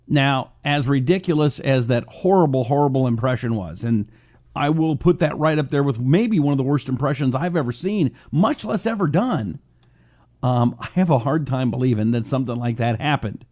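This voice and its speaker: A man's voice: mid-range voice, lively intonation, moderate pace, darkish tone. A man hosting a political talk radio show, rambling casually, joking at his own expense and reading listener comments aloud.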